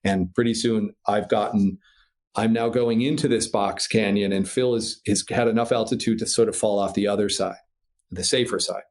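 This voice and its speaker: A man from Minnesota, a podcast guest, telling a story in a casual, animated way, swearing freely and laughing through the tense parts. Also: lowish voice, moderate pace. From Minnesota, USA. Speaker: podcast guest, paraglider pilot.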